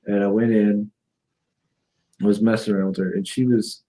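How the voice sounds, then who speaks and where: A man's voice: moderate pace, slight background noise, rough recording. A man co-hosting a casual livestream, telling stories animatedly and laughing often. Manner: animated storyteller, laughs often, jumps up in pitch when amused. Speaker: stream co-host.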